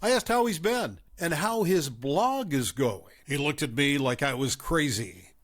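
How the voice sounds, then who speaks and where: A man reads stories aloud with an expressive, storytelling manner. His voice sits a little higher than most men's. His pitch rises and falls in a lively, animated way. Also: measured pace. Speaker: story narrator.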